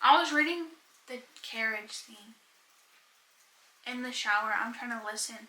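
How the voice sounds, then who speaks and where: A woman's voice: a little high, unhurried, pushed and bright, reverberant, rough recording. A young woman chatting casually about books on a vlog, rambling and giggling as she goes. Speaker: book vlogger. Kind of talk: casual chat.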